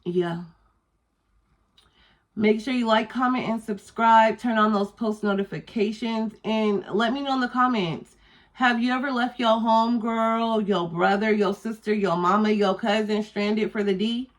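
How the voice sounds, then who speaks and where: A woman's voice: on the high side, unhurried. A young woman telling a candid, profane storytime to her vlog audience in a casual, drawling way. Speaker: YouTuber.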